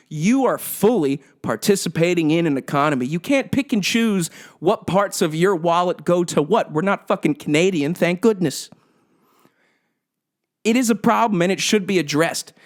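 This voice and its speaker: A man's voice: high voice, animated, normal speed. A young man hosting a solo podcast, ranting with sarcastic, profane emphasis. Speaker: podcast host.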